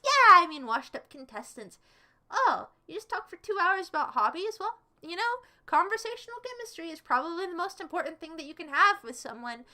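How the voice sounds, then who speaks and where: A woman's voice: sits high, sharp tone. A young woman streaming and chatting casually, playful and teasing with her viewers. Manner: playful, teasing, jokey asides. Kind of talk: casual chat with live chat.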